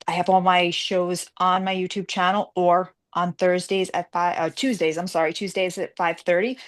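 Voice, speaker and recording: A woman guest author in a casual interview, telling stories animatedly and acting out the voices of the people she quotes. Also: lowish voice.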